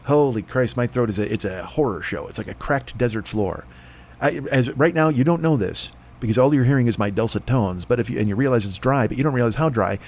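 A man's voice: mid-range voice, a little fast. A man hosting a comedy podcast, riffing through a profane, rambling ad read with a dry throat and mock announcer voices. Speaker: podcast host.

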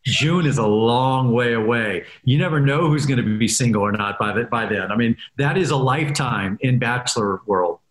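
A man chatting as a guest in an interview, upbeat and quick to laugh. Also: medium pitch. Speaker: guest, reality dating show host. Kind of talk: casual interview chat. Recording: roomy echo.

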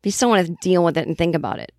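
A woman's voice: on the low side, very fast, no echo, clean studio sound. A woman podcast host telling a casual comedic story, acting out the quoted voices of other people as she goes. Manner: animated, acts out quoted voices.

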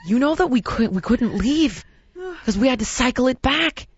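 A woman podcast host telling a story in casual chat, animated and exasperated, acting out what others said. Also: sits high, moderate pace, slightly rough, no room sound, lo-fi sound.

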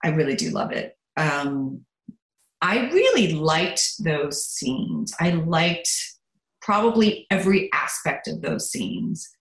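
A middle-aged actress chatting as a podcast guest, animated and quick to laugh, turning soft and quiet when she talks about her children. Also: sits low, echoey room, poor audio. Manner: animated, laughs a lot, swings between giddy and soft. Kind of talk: casual interview chat.

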